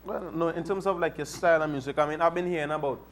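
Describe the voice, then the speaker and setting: A man's voice: on the high side, fairly even intonation, fast talker, slight background noise. A man co-hosting a talk show, asking questions in an earnest, emphatic way. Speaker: co-host. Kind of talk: casual talk-show chat.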